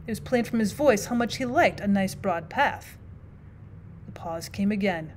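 A woman teacher reading a classic short story aloud as audiobook narration, measured and expressive. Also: medium pitch, slight background noise.

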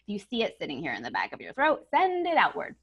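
A woman giving a webinar lesson on using the voice, stressing key words and shifting her pitch and loudness to show each tip. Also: huge pitch swings, very fast, breathy edge, dull audio. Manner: demonstrative, emphatic, varies pitch and volume to show tips. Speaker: communication trainer. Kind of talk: webinar coaching on voice. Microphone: home setup over video call.

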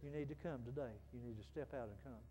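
A man preaching an evangelistic sermon and altar call in a church, passionate, swinging from loud pleading to hushed urging. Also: medium pitch, fast talker, lo-fi sound. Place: church sanctuary. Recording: echoey church hall with faint noise.

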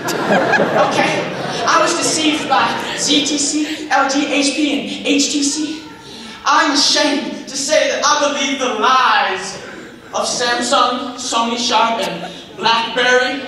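A young man voicing a sassy, churchgoing woman shopper in a comic stage skit, drawn-out and preachy. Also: extremely high pitch, bright, forceful tone, full character voice. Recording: echoey hall from far off, crowd.

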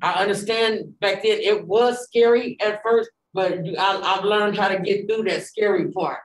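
A woman shares a personal testimony with a group, telling it with animated energy and slipping into the voices of the people in her story. Her pitch sits in the middle range. The sound carries a noticeable room echo. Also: moderate pace. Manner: animated storytelling, acting out dialogue, many fillers. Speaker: Bible study participant. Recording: echoey room.

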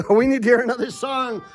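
A man's voice: very high voice, fairly even intonation, normal speed, over music. A man hosting a comedy variety show in a mock-solemn presenter manner. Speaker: host.

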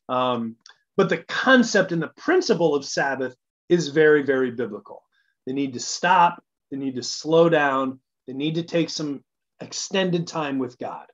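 A man giving a casual midweek church talk as pastor, conversational and enthusiastic, thinking aloud as he goes. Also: on the high side. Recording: dull lo-fi recording.

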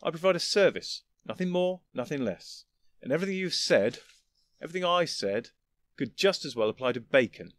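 A man's voice: on the high side, animated, brisk, pitched above the performer's own voice, lightly acted. A man playing a sly, smug guild boss. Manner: smug, coolly challenging. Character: sly, cocky male guild leader.

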